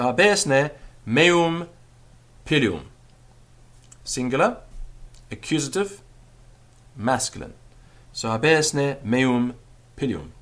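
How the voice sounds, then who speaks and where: A man teaching a language lesson, patiently repeating example phrases and explaining grammar step by step. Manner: lively rising and falling pitch. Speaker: Latin teacher.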